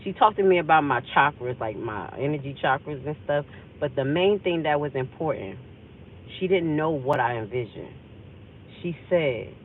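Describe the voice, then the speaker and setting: A woman's voice: sits low, expressive, normal speed, a little hiss or hum. A woman host telling an emotional personal story on a livestream, rambling and acting out the conversations she remembers. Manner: intense, rambling, acts out remembered dialogue. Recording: tinny phone-like audio.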